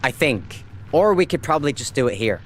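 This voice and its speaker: A man's voice: medium pitch, sing-song, fairly quick, a little hiss or hum. A young adult Irish man chatting casually with viewers while he plays a game on a live stream. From Ireland. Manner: chatty, reads out chat and answers viewers, upbeat.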